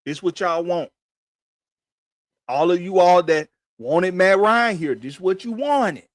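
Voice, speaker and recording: A man's voice: sits high, expressive, unhurried, no echo. A man hosting a sports podcast, ranting in a profane, emphatic, repetitive way. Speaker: podcast host. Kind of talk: heated sports rant.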